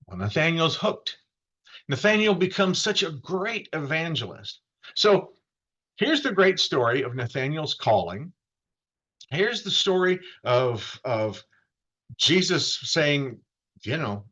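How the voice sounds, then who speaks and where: A male pastor from Florida giving a conversational sermon, telling the story in a lively way and acting out the quoted voices. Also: a little high, takes it slowly, pauses often, slightly rough, muffled recording.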